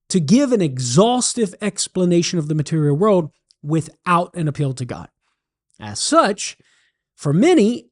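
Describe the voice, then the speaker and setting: Man, Cajun accent, radio talk host, lively animated pitch, storytelling. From southern Louisiana. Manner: animated storyteller, jokes and laughs. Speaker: radio show host, apologist.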